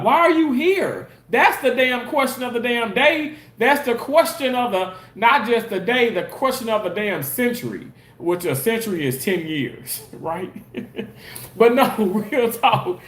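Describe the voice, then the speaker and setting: High-voiced man arguing with his live chat. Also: expressive, a little slow, roomy sound. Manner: defensive, argues back at commenters. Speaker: live streamer and content creator. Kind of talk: casual live-stream chat reading viewer comments.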